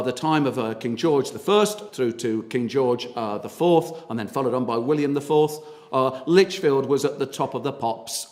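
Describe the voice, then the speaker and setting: A man's voice: medium pitch, darkish tone. A man giving a local history talk, chatty and full of ums and uhs. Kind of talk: public lecture. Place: meeting hall. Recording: long hall reverb.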